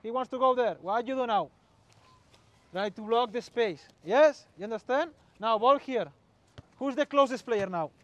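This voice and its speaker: High-voiced man coaching on a pitch. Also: moderate pace, muffled recording. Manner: short commands, calls out to players, mixes in Spanish. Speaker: football coach. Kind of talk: on-field coaching demonstration.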